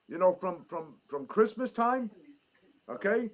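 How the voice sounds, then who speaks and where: A man's voice: sits high, animated, unhurried. A middle-aged man with a New York accent, ranting heatedly and cursing in a casual chat.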